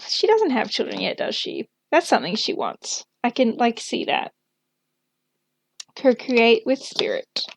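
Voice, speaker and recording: A woman's voice: on the high side, big pitch swings, unhurried, creaky, husky, no echo. A young woman giving a casual tarot reading, thinking aloud with lots of fillers and small laughs. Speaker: tarot reader.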